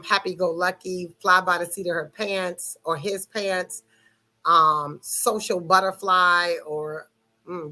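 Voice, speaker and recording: A woman's voice: mid-range voice, bright, forceful tone. A middle-aged woman giving a casual explanatory talk on personality types, emphatic and always at full energy. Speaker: personality-type presenter.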